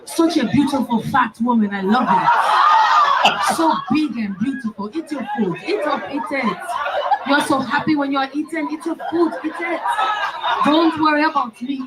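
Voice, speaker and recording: A woman voicing a pushy, flattering African man with a Nigerian accent, who keeps coaxing and repeating himself, over a loud live crowd. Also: sits high, heavy background noise, close to an everyday voice. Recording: loud live club audience.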